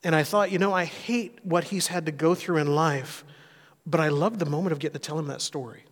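A pastor preaching a sermon, telling a personal story in an earnest, conversational way. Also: male voice, a little high, fairly quick. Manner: earnest storytelling, rising intensity on key points. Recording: long hall reverb.

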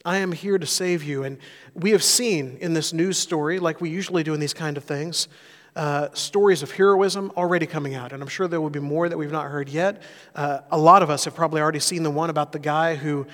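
Earnest preaching man in reverberant hall. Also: a little high. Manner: earnest storytelling, rising and softening for emphasis. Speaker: pastor. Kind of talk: sermon. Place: church sanctuary.

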